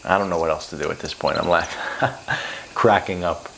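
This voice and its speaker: A man's voice: sits low, fairly quick, gravelly, a bit bright, a little hiss or hum. A man on a vlog telling a personal story in an intense, rambling way, swearing freely as he goes. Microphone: close to camera.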